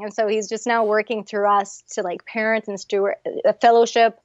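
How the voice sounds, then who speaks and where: A woman in her thirties or forties, a guest sharing her faith testimony in an animated, earnest chat. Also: mid-range voice, a little fast, no echo, lo-fi sound.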